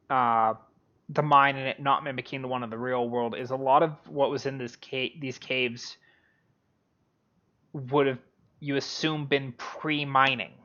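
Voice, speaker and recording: Game master, halting delivery with lots of fillers, mid pitch, dull lo-fi sound. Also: fairly bright tone. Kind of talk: narrating a tabletop game.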